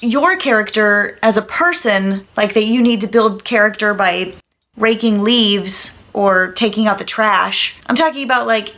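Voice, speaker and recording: A woman's voice: medium pitch, unhurried, a bit bright. A young woman hosting a casual vlog about acting, chatty and giggly. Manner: chatty and giggly, trying out accents. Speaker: channel host.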